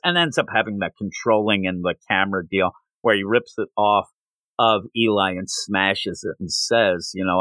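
This is a man with a low-leaning voice and moderate pace, co-hosting a podcast where he casually goes over a comic book. He animatedly acts out its quoted lines as he retells it. No room sound is audible, and the audio quality is poor.

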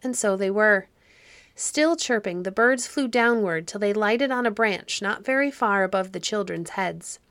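A woman narrating a children's fairy story audiobook in a calm, measured way. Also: medium pitch, no echo.

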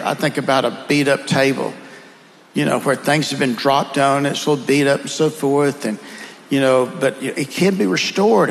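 Southern man, slightly high, gravelly, relaxed folksy speaker, reverberant room. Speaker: guest speaker. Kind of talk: conversational storytelling.

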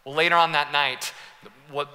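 A young man preaching a sermon as pastor, telling stories in a lively way, laughing and acting out the scenes. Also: fairly high pitch, normal speed. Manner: animated, laughing storyteller who acts out scenes. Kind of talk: sermon with personal storytelling. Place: church hall. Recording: long hall reverb.

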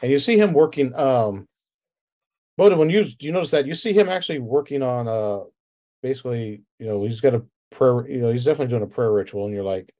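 A man's voice: medium pitch, animated, quick pace, mellow. A man narrating a tabletop game as game master, rambling casually with fillers like "and everything else.".

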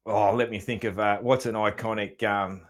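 A man's voice: on the low side, steady tone, moderate pace. An Australian man hosting a podcast, chatting casually and laughing easily between easygoing fillers. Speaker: podcast host. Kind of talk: casual interview chat.

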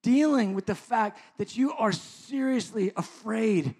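High-voiced preaching pastor. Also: male voice, measured pace, slightly rough. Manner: impassioned preaching that drops to soft, intimate asides. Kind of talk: sermon.

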